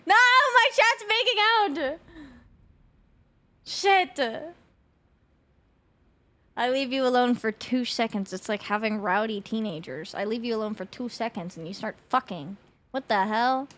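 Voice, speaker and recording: A woman's voice: on the high side, fairly quick. A young adult woman streaming a game, chatting casually with her viewers in a rambling way, swearing often and laughing a lot.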